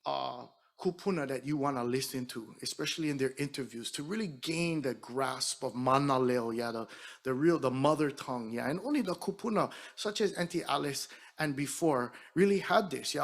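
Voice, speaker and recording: A middle-aged man from Hawaii with a Hawaiian Pidgin-tinged accent, an entertainer telling an animated story to an audience between songs. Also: medium pitch. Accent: Hawaiian Pidgin-tinged English. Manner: chatty, animated storyteller who acts out quotes. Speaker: singer and entertainer.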